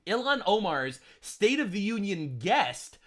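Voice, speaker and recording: A man giving loud, mocking, profane political reaction commentary, laughing at the clips he plays. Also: sits high, sing-song, a little slow. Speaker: commentary streamer.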